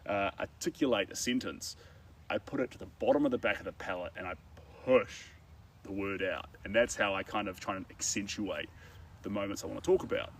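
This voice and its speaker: A man's voice: on the low side, quick pace, slight background noise. A man with a New Zealand accent chatting casually and rambling with filler words while he paints. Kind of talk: casual chat. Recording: distant mic, faint outdoor ambience.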